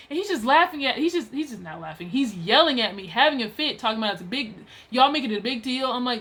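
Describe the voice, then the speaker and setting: A woman's voice: fairly high pitch, lively intonation, fast talker, few pauses, a bit bright. A woman telling a story about a clash at work in a casual, exasperated, chatty way.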